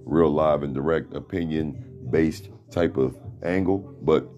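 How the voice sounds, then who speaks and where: A middle-aged man hosting a podcast with a deep voice, giving a blunt, profane, preachy motivational talk from a room at home. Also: measured pace, dark tone, lo-fi sound, faint music behind. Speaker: podcast host. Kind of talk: motivational monologue.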